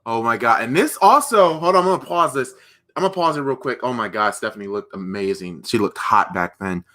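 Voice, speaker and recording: A man hosting a live watch-party stream, reacting with excited, rambling commentary that often breaks off mid-sentence. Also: medium pitch, fairly quick. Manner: restarts and trails off mid-sentence.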